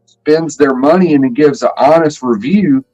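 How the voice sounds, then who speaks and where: A man's voice: on the high side, unhurried, a little mellow, faint music behind, low-quality recording. A man in casual chat on a stream, talking earnestly and at length, swearing freely.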